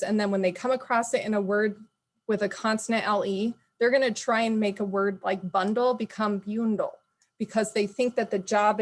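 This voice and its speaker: Woman teacher on a video call, middle voice, explains stuff and corrects herself. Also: mid-range voice. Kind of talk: presenting in an online meeting.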